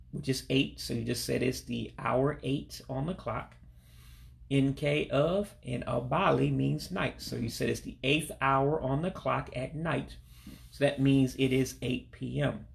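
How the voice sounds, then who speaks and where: A man with a mid-range, gravelly voice gives a casual spoken language lesson from his home in Alabama, patiently repeating each phrase slowly and then at speed. English is his first language, and he is a language learner teaching vocabulary.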